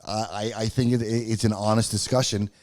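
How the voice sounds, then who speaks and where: A man's voice: fairly low pitch, steady tone, fairly quick, darkish tone, no echo, clean studio sound. A man co-hosting a podcast in casual chat, earnest and stammering through restarts. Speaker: podcast co-host.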